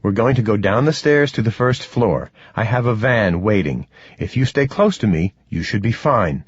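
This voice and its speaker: A man reading an audiobook voices a calm, protective undead man who speaks matter-of-factly. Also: fairly low pitch, normal speed, breathy edge, no echo. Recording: dull, dry, slightly muffled.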